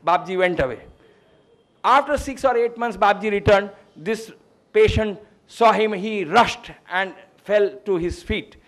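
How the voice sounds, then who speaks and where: Male guest lecturer, high-pitched and discursive. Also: a little slow, fairly bright tone. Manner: discursive, storytelling. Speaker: guest speaker on greenhouses. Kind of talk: lecture with a closing anecdote.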